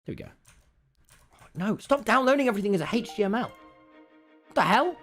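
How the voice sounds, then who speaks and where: A man's voice: high voice, big pitch swings, brisk, a bit bright, soft background music. A young British man in his late teens, a streamer telling a rambling, self-deprecating story on his livestream.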